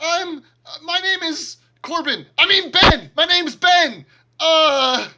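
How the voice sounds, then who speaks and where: A man's voice: very high-pitched, lively intonation, slow, noisy background, voice pushed up, exaggerated voice. A man voicing a frightened young man caught in a grapple, who stammers and screams in a frantic panic. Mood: flustered stammering.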